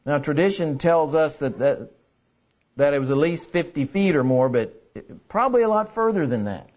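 A man's voice: a little high, lively intonation, normal speed, darkish tone, lo-fi sound. A man preaching a sermon in an earnest way, repeating key phrases for emphasis. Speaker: pastor.

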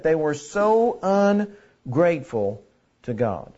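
Man preaching, high voice, earnest, repeats phrases, dull lo-fi recording. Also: lively intonation, a little slow, darkish tone. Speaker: pastor. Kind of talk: sermon.

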